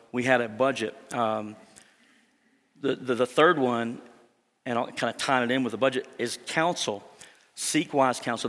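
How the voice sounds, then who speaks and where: A man's voice: mid-range voice, fairly bright tone, big-room sound. A man preaching a sermon as pastor, earnest and conversational, with frequent fillers and restarts.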